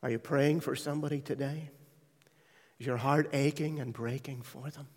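A man preaching to a congregation, his voice carrying a long hall reverb. He shifts from quiet, tender testimony to loud, animated quotes of other people. His pitch sits in an ordinary middle range. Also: moderate pace, breathy edge. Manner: testimony told with hushed, tender passages and sudden loud acted quotes. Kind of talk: sermon.

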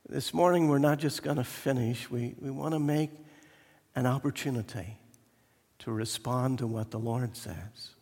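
A man preaching a slow, earnest sermon in a church, pleading with his listeners. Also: mid-range voice, darkish tone, slightly rough. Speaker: pastor. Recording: echoey church hall.

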